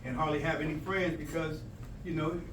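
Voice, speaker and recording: A man's voice: on the high side, fairly even intonation, a little fast. Male teacher, emphatic motivational talk to students, rhyming wordplay, distant mic in a noisy room. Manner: emphatic, plays out quoted exchanges, plays with rhymes. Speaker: language arts teacher. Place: school presentation room. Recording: echoey room from far off, with noise.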